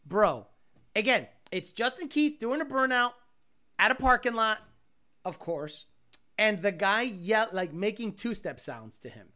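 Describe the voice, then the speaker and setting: A man hosting a casual livestream chat, rambling and swearing, breaking into loud mimicked sounds. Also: sits high, animated, a little slow. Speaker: livestream host.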